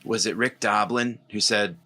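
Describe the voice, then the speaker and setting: Male podcast host, easygoing, agreeable, lowish voice, bright forceful tone. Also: moderate pace. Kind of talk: casual conversation.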